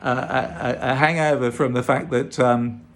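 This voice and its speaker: A man's voice: medium pitch, steady tone, a little slow, a little hiss or hum. A man with a British-sounding Australian accent, talking casually to camera in an exasperated, emphatic way with frequent restarts. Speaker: vlogger and advocate for infected blood victims.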